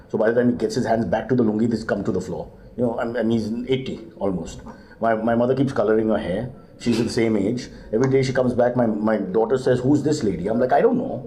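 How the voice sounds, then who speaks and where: A middle-aged man rattles off deadpan jokes at a brisk clip. His voice is dark and mellow, and he answers each question with mock exasperation. The feel is a live studio interview. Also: lowish voice. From India. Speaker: guest comedian. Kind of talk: joking live interview banter.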